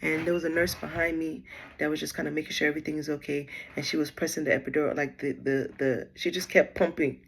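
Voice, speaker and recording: A woman's voice: sits low, level tone, quick pace, gravelly, slight background noise. A young mother telling her birth story at home in a chatty, rambling way, full of fillers. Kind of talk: casual storytelling vlog.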